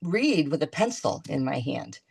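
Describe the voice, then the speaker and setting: A woman talking as a guest in a casual video-call chat, chatty and halting, restarting her sentences often. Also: low voice, big pitch swings, creaky, darkish tone, slightly rough.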